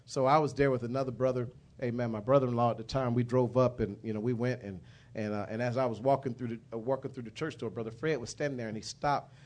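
A man's voice: medium pitch, fairly even intonation, fast talker. A middle-aged man, giving a rambling personal testimony as a minister, with many restarts and fillers.

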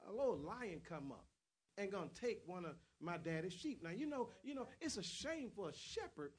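A man. He tells Bible stories by acting out each figure's voice and swings from quiet talk to loud shouting. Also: high voice, big pitch swings, moderate pace, slightly rough. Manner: storytelling preacher who acts out the voices of Bible figures, builds to shouts. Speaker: preacher. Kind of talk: sermon.

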